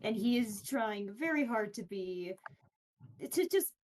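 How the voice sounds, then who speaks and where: A woman playing a tabletop game, describing her character in a halting way with fillers. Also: on the high side, expressive, a little mellow. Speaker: player.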